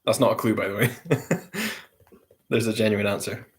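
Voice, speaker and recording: Man reading quiz questions, lowish voice. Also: little pitch movement. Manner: repeats questions slowly, with light chuckles. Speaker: quiz host.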